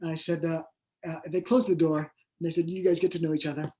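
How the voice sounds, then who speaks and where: A man's voice: on the high side, level tone, quick pace, darkish tone. A man who is an author guest in an interview, telling his story in a rambling, hesitant way with many fillers. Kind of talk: conversational interview.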